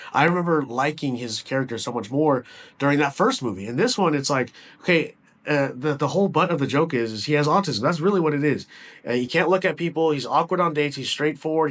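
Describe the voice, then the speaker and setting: A man's voice: fairly high pitch, a bit bright. A man giving a casual movie review, rambling with frequent restarts and casual swearing.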